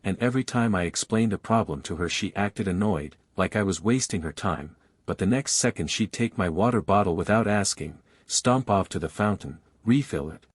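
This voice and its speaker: A man narrating a first-person romance story in a flowing, steady manner, carrying long run-on sentences. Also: low voice, moderate pace, hardly any pauses, breathy edge, dry recording, studio quality.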